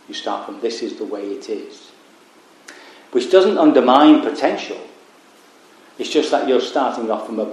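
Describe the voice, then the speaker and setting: A man giving a Buddhist dharma talk at a retreat, reflective and unhurried with wry asides. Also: lowish voice, darkish tone. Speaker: Buddhist meditation teacher. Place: retreat meditation hall. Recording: very echoey room.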